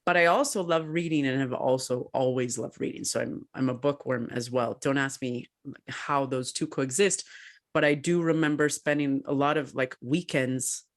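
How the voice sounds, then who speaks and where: A woman co-hosting a podcast who tells her story in a casual way, animated and laughing often. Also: rumbling low, normal speed. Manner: animated, laughs often, acts out quoted voices. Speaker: podcast co-host and researcher.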